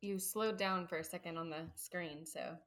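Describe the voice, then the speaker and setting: A woman's voice: lowish voice, steady tone, normal speed, fairly bright tone. A woman from the Midwest with a Midwestern accent, co-hosting a Bible study podcast, teasing and laughing easily in casual chat over a video call.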